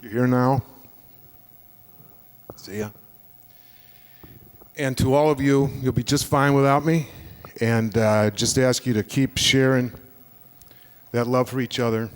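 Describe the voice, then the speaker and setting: A man's voice: medium pitch, steady tone, measured pace, pauses often. A man state senator closing a farewell speech with plain, heartfelt thanks from a legislative chamber podium. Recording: long reverb of a large chamber.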